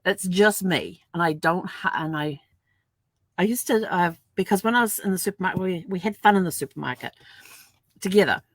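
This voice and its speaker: A woman's voice: fairly low pitch, fairly quick, dry recording. An older woman chatting casually to camera at home, laughing often and acting out little dialogues as she tells stories. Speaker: vlogger. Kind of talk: casual storytelling vlog.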